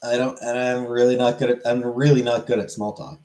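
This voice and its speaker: A man's voice: mid-range voice, little pitch movement, brisk, dark tone, rough recording. A man on a live stream, casually answering questions from chat and swearing freely.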